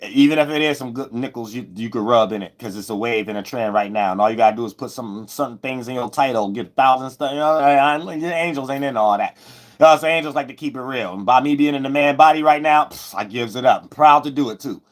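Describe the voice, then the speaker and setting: A man giving a loose, rambling spiritual astrology monologue, repeating himself and breaking into sudden loud, high shouts. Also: fast. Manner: loose, preachy, repeats "you know what I'm saying", bursts into loud high shouts.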